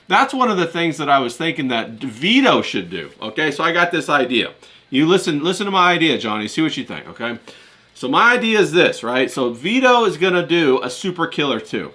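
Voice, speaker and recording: A man hosting a podcast in casual chat, animated and quick to swear. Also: on the high side. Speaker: podcast host.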